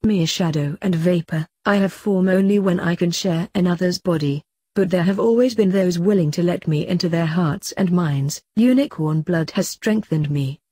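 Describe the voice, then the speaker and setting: A woman voicing a cold, menacing male dark lord in a storybook reading, speaking slowly and evenly. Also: on the low side, breathy edge, no echo.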